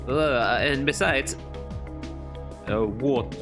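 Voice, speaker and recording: A man's voice: fairly low pitch, expressive, a little slow, long pauses. Rambling male game streamer. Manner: rambling, many restarts. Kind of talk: casual live-stream commentary. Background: game music.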